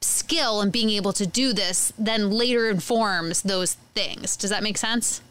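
A woman's voice: medium pitch, measured pace, fairly bright tone, smooth. A woman hosting a podcast, asking long, rambling questions full of fillers. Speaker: podcast host. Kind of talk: conversational interview questions.

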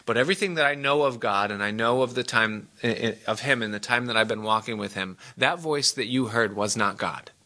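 A man's voice: medium pitch, brisk, few pauses, bright, forceful tone. A man preaching a sermon as pastor, emphatic and asking his congregation direct questions.

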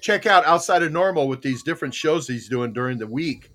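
A man's voice: a little high, lively intonation, a little fast, a bit bright. An older man hosting a casual morning show, rambling through stories with chuckles and repeated phrases. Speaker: host.

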